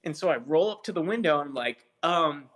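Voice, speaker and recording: A man's voice: a little high, expressive, a little fast, a bit bright. A young man co-hosting a podcast in casual chat, joking and teasing his friend. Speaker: podcast co-host.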